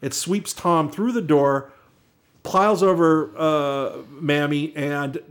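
A man's voice: a little high, steady tone, slow. A middle-aged American man in casual chat, telling long stories with many restarts and fillers. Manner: rambling storyteller with many restarts.

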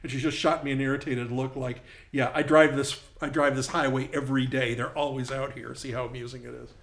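A man's voice: medium pitch, level tone, brisk, vocal fry, fairly bright tone. Male co-host, casual and rambling, mid-range voice, reverberant room. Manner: rambling, self-interrupting storyteller. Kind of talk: casual chat.

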